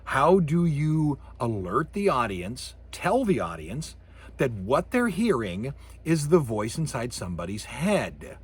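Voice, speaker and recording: Speaking slowly in a husky, mid-range voice, a middle-aged college communications professor delivers a recorded lecture about sound. He's jokey and animated, acting out sound effects and voices as he goes.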